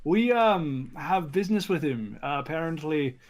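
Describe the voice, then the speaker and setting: A man's voice: a little high, lively intonation, moderate pace, crowd noise. A man voicing a hesitant, stammering male dwarf adventurer in a tabletop game.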